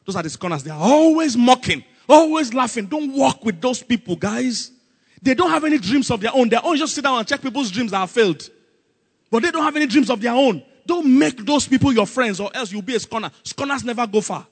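A man preaching a sermon, animated and calling out questions for the congregation to answer. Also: very high-pitched, brisk, slightly rough, big-room sound. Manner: animated, call-and-response with congregation, acts out Bible scenes.

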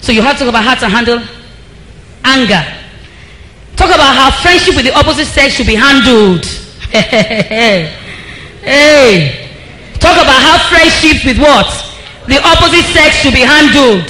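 A woman preacher giving a lively sermon, calling out to the congregation and laughing often. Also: sits high, a little slow, long pauses, echoey room, background noise. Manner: lively, laughing, calls out to the crowd. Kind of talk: sermon on marriage.

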